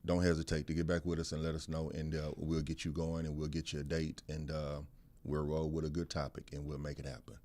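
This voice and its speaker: A Texan man with a very deep voice hosts a casual podcast from a studio. He speaks emphatically, repeats his lines for effect, and breaks into loud laughter. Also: completely flat delivery, a little fast. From Texas, USA. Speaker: podcast host.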